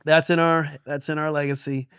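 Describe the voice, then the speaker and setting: A middle-aged man, a pastor, telling a family story on a podcast with animated delivery and frequent laughs. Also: on the high side, fairly quick, clean tone, no echo, studio quality. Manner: animated, laughs often, acts out quotes.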